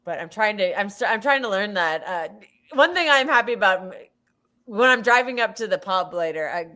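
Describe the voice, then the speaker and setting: A woman's voice: mid-range voice, animated, brisk, bright, forceful tone. A woman co-hosting a football watch-along stream in casual chat, swearing freely and stumbling over her words.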